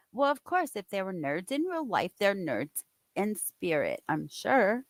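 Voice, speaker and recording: A woman's voice: mid-range voice, very animated, measured pace, no room sound. A woman chatting casually on a live stream, reacting aloud and laughing.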